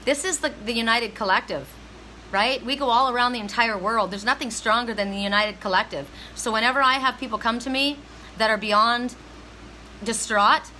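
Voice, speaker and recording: A woman's voice: on the high side, sharp tone, low-quality recording. Woman, psychic reader, live stream, emphatic, faint background hiss. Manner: emphatic, heartfelt, talks straight to viewers. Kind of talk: live-stream spiritual reading.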